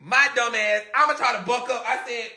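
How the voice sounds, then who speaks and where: A man telling a story casually on a live stream, animated and laughing often as he talks to viewers. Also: extremely high pitch, a little fast.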